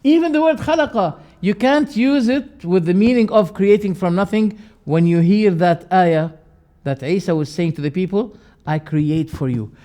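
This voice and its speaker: A man teaching a lecture on religious creed, emphatic and repeating key words, with sharp rises and quiet drops. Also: high voice, normal speed.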